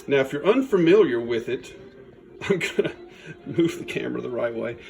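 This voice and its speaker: A man's voice: medium pitch, animated, normal speed, vocal fry, darkish tone, faint music behind. A man, chatting in a folksy, upbeat way while demonstrating a recipe in his home kitchen. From Louisiana. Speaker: cooking channel host. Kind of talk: casual cooking demo.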